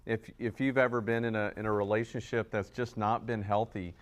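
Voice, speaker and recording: A man therapist co-teaching a couples workshop at a church, telling stories in a halting, laughing way. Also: on the low side, flat delivery. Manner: storytelling, halting with restarts and little laughs. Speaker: marriage and family therapist co-teaching a couples class. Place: church hall.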